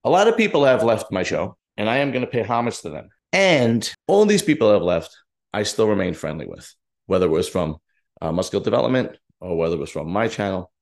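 A man's voice: on the low side, sing-song, brisk, gravelly. A man hosting his own bodybuilding show, talking alone in a rambling, self-mocking way with loose restarts. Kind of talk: casual solo monologue.

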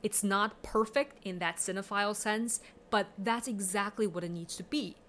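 Bright-voiced woman chatting about films. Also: mid-range voice, fairly even intonation, moderate pace, slight background noise. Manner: chatty, analytical, many fillers. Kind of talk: casual film discussion.

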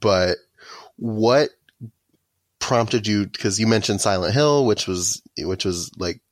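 A man's voice: lowish voice, slow, dry recording. A man hosting a casual interview, asking long, rambling questions with many restarts. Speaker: interview host.

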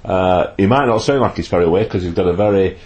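A man's voice: sits low, quick pace, a little mellow. Jokey male podcast host. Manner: jokey, chatty with fillers. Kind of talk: casual podcast interview.

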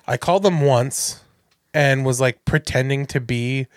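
A man's voice: medium pitch, measured pace, dry recording, studio quality. A man co-hosting a casual podcast, telling stories with energy and acting out the phone calls he describes. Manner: animated storyteller, acts out phone calls. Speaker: podcast co-host. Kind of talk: casual chat.

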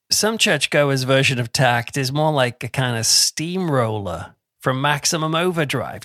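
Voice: mid-range voice, pushed and bright, no echo, clean studio sound. A YouTuber giving a conversational reflection on a Bible passage, chatty and informal with asides and restarts.

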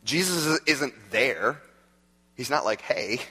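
Animated, conversational male pastor preaching. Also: medium pitch, moderate pace, big-room sound. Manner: conversational, animated, laughs often. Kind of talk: sermon.

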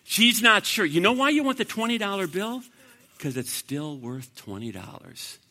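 A man preaching an evangelistic sermon to a live audience, swinging from loud bursts to hushed, earnest talk. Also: sits high, big pitch swings, normal speed. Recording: long reverb of a large hall.

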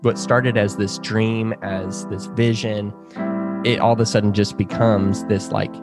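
A man's voice: fairly low pitch, little pitch movement, measured pace, loud music behind the voice. A young man co-hosting a podcast in a casual, chatty way, laughing often and filling his talk with "like". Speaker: podcast co-host. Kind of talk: casual chat.

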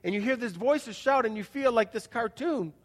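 A male pastor preaching a sermon with folksy storytelling and rhetorical questions to the congregation, acting out quoted voices and swinging between quiet and loud. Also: very high voice, moderate pace, in a large hall. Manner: acts out quoted voices with big swings in loudness. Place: church.

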